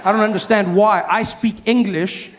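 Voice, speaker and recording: A male comedian performing stand-up, telling a story in an animated way and breaking into sudden shouts. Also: sits high, normal speed, slight background noise.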